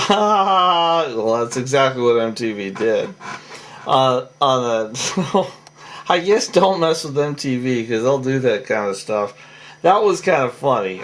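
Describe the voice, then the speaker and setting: A man's voice: medium pitch, animated, unhurried, a bit bright. A tired man recapping a reality show in a rambling, casual monologue full of fillers and restarts.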